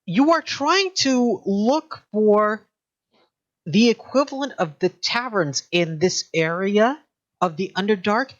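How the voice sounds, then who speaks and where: Woman game master, slow and animated, halting narration, dull lo-fi sound. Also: mid-range voice. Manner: halting, full of ums and restarts. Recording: dull lo-fi audio.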